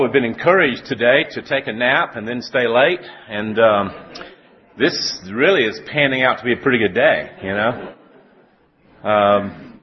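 A man preaching a sermon. He tells a folksy story with gentle humor and then reads scripture slowly and with weight. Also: mid-range voice, breathy edge. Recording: dull lo-fi recording.

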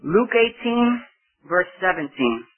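Male preacher from Spain, high husky voice, slow emphatic sermon delivery, tinny phone-line audio. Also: sing-song. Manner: slow, emphatic delivery with dramatic pauses and rhetorical questions. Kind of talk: sermon, Bible teaching.

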